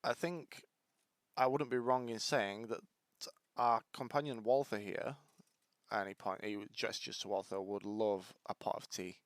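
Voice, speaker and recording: A man's voice: fairly low pitch, fairly even intonation, normal speed. A man playing a tabletop game, casual and playful as he talks in character. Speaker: player.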